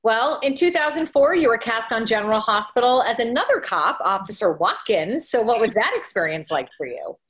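A woman's voice: a little high, lively intonation, a little fast, hardly any pauses, fairly bright tone. A woman interviewer asking a plain question about a past role.

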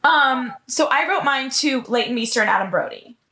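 Brief: bright-voiced woman, giggly gossip co-host. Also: high-pitched, animated, moderate pace, a little hiss or hum. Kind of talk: casual pop-culture gossip chat.

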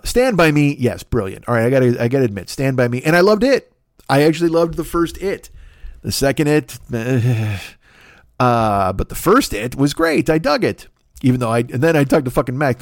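Here a middle-aged man with a mid-range voice hosts a podcast, swearing heavily as he rambles and rants for comic effect, lurching into exasperated outbursts. The studio sound is clean, without any room sound.

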